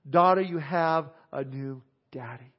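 A man's voice: fairly high pitch, unhurried, close to an everyday voice. A preacher acting out a remorseful gambler pleading for hope, his voice raised and emphatic. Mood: tearful. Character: remorseful grown man, gambler and saloon keeper, pleading. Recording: dull lo-fi sound.

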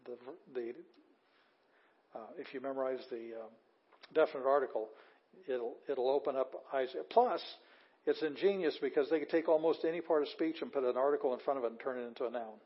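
Casting: middle-aged male teacher, husky, emphatic lecture delivery, muffled lo-fi recording. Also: mid-range voice, brisk. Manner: emphatic, repeats words for stress. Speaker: Greek language teacher. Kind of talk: classroom lecture. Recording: dull lo-fi class recording.

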